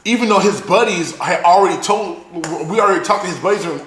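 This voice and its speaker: A man on a casual podcast, telling a long story in an animated, profane, fast-talking way. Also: sits high, reverberant, a little hiss or hum. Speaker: podcast co-host.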